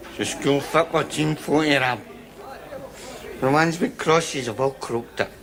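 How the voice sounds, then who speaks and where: An actor playing a fretful, earnest Scottish drinker in a sitcom. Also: male voice, fairly high pitch, measured pace, crowd noise. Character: fretful, gloating middle-aged drinker. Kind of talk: sitcom acting. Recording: sitcom with audience laughter.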